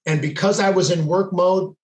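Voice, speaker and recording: A man's voice: high voice, steady tone, normal speed. A man, a police sergeant on a podcast, telling a story intensely and acting out what people said. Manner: intense, quotes dialogue as he tells it. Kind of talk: casual storytelling. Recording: echoey room.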